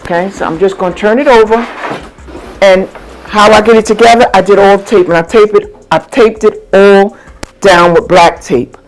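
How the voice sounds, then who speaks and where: A woman's voice: medium pitch, fairly even intonation, normal speed. A woman hosting a casual crafting how-to vlog, chatty and upbeat, talking straight to her viewers. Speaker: crafting vlogger.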